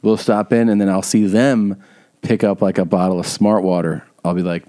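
A man hosts a podcast in a loose, rambling way, dropping casual profanity as he tells his stories. His voice sits low and sounds mellow and relaxed. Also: brisk. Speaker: podcast host.

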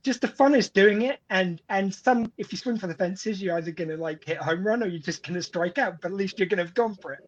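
A man hosting a podcast, chatting in an animated, enthusiastic way and laughing easily. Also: high voice, quick pace, few pauses. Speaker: podcast host. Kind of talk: casual podcast chat. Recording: dull lo-fi audio.

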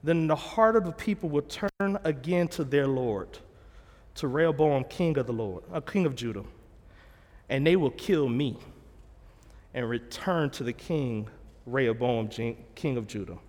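A man's voice: mid-range voice, expressive, a little slow, darkish tone, big-room sound. A man preaching a sermon, retelling scripture in a plain, conversational way and correcting himself as he goes. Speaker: pastor.

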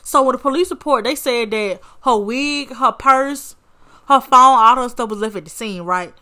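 A sassy woman talks through a story in casual commentary, calling her listener honey and baby and cursing freely. Her voice is bright and sits a little high for a woman. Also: normal speed. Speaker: podcast host.

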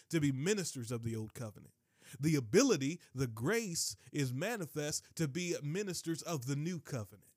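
Male podcast preacher, fairly high voice, animated and digressive, dry close recording. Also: no echo. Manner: animated, rises to high excited shouts, digresses, laughs. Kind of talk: sermon.

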